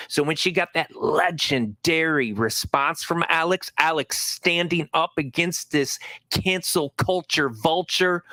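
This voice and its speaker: A man's voice: on the high side, sharp tone, no room sound. A man hosting a commentary channel who scolds and rants angrily at the people in the clips. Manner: angry, scolding rant. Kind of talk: recorded video commentary.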